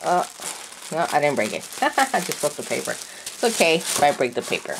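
A woman's voice: low-pitched, very animated, normal speed, heavy background noise. A woman chatting casually as she unboxes craft supplies, gushing and gasping with delight over each item. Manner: gushing, breathy gasps and delighted exclamations. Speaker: craft vlogger.

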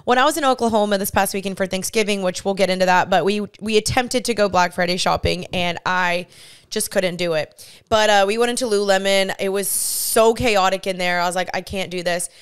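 A woman's voice: mid-range voice, a little fast, smooth. A woman in her twenties hosting a casual solo podcast, chatty and bubbly, laughing often. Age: 20s. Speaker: podcast host. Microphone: studio podcast mic, seen on camera.

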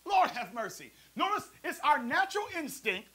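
A man preaching a sermon as pastor, lively and playful, calling on the congregation to answer back. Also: very high voice, moderate pace, rough recording. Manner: preachy, call-and-response, playful asides. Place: church service also streamed to a prayer line.

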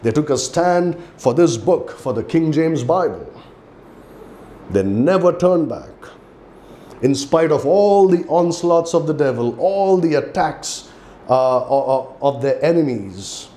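A man's voice: a little high, animated, slow, long pauses, dark tone. A man with an Indian English accent, a pastor preaching a sermon with emphatic delivery and scripture readings. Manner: emphatic preaching, reads scripture aloud with rising intensity.

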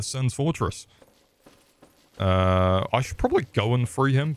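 A man's voice: on the low side, a little hiss or hum. Crude joking English guy streaming. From England. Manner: crude, joking, swears often, talks to chat. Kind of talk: live gameplay commentary.

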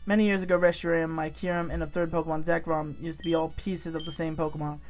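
A man's voice: fairly high pitch, fast talker, lo-fi sound, pitched below the performer's own voice, natural voice. A gamer reading game dialogue aloud, voicing a smug, condescending male cult commander. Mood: lecturing. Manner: calm, condescending, lecturing.

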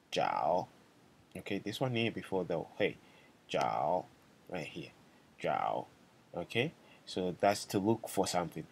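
A man giving a casual language lesson, patiently repeating phrases slowly and checking in with "right?" and "okay?". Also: lowish voice, breathy edge. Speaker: language teacher.

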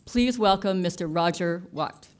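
A woman's voice: lowish voice, a little slow. A woman moderating a conference, introducing a keynote speaker in a friendly, slightly flustered way.

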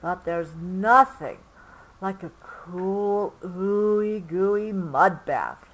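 A woman voicing an eager little male rhino calf in a storybook read-aloud, squealing with excitement. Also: extremely slow, low-quality recording. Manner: excited, squealing, high and bright.

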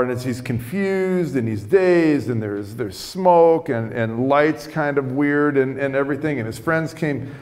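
A man's voice: mid-range voice, a little mellow, in a large hall. A middle-aged man preaching a sermon as a chatty story, often repeating words as he starts his lines. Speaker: pastor. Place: church sanctuary.

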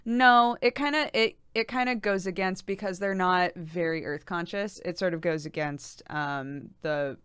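A woman's voice: fairly low pitch, unhurried, hardly any pauses, fairly bright tone, clear, resonant tone, no room sound. A woman streaming to her viewers in casual chat, talking chattily with many fillers and giggles.

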